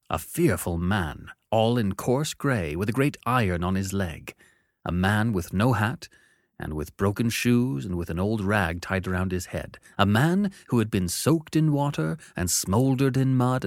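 A man giving expressive, dramatic first-person narration of a classic novel. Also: fairly low pitch, dry recording, clean studio sound.

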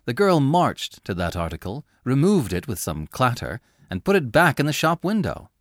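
A man reading a classic story aloud as narrator, with measured, expressive storytelling. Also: mid-range voice, no room sound, clean studio sound. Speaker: audiobook reader. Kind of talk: scripted narration.

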